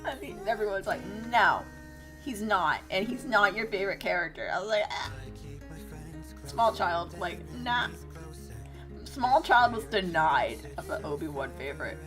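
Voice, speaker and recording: A young woman streamer chatting casually, telling a story with lots of swearing and laughter and acting out both sides of old arguments in squeaky voices. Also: big pitch swings, unhurried, a bit bright, faint music behind. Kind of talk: casual rambling stream chat.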